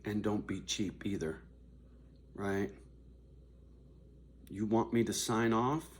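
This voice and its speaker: An older man vlogging to his viewers in a confrontational, profane rant, dropping to low mutters and then rising to raised shouting. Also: takes it slowly, slight background noise. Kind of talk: angry direct-to-camera rant.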